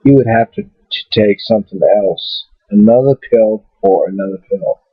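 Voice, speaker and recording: A man's voice: fairly low pitch, normal speed, creaky, slightly rough, no echo. A man telling a personal story to his webcam in a rambling, blunt way, swearing freely. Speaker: vlogger. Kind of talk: casual storytelling to camera. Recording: tinny phone-like webcam audio.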